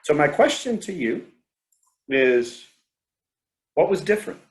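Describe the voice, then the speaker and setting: A man's voice: on the high side, very animated, a little slow. A man giving a leadership presentation at an online meeting, telling a story with many fillers and restarts.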